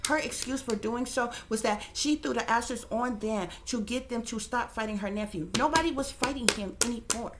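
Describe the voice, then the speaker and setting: Emphatic higher-voiced woman commentator. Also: normal speed, few pauses, background noise. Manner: emphatic, repeats "okay?" to press points, swears casually. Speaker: psychic reader and channel host. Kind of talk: casual commentary to viewers.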